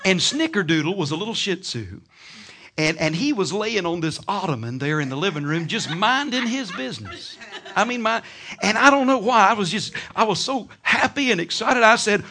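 High bright-voiced guy preaching, swoops all over, laughing and hollering as he tells stories. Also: moderate pace, a little hiss or hum. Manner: animated storytelling, laughing and shouting. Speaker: pastor. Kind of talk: sermon.

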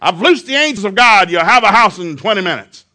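A man voicing a fiery woman pastor who shouts and commands. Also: sits high, lively intonation, fairly quick, pitched above the performer's own voice, heavily acted. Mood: declaring.

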